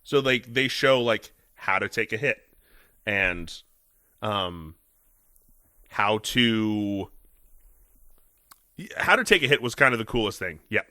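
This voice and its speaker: A man co-hosting a casual podcast chat, an animated storyteller who acts out comedy sketches in high squeaky voices. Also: slow pace, pauses often, dry recording, studio quality. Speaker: podcast co-host.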